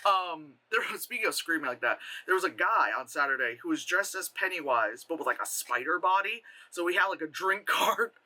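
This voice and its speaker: A man with a high, bright, cutting voice tells stories as a casual vlogger. His pitch swoops all over the place. He is animated and laughs often, and he swears freely. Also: fairly quick, few pauses. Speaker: vlogger and cosplayer. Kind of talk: casual storytelling vlog.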